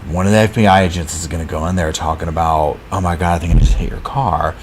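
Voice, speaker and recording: A man's voice: sits low, steady tone, fast, slight background noise. A man hosting a live true crime chat, retelling a case casually with lots of fillers and acted-out quotes. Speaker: true crime channel host. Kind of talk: live chat recap of a docuseries.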